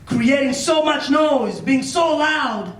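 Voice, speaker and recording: A man voicing a hungry young man lost in the wilderness, speaking in a lowered, urgent voice. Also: expressive, takes it slowly, fairly bright tone, heavily acted. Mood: desperate. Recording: echoey room, mic far off.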